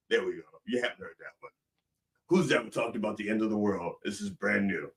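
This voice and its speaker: A man from northern Maryland with a Maryland accent, hosting a mock sermon and swinging between booming prayers and mumbled asides. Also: moderate pace, distant mic. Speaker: comedic preacher host.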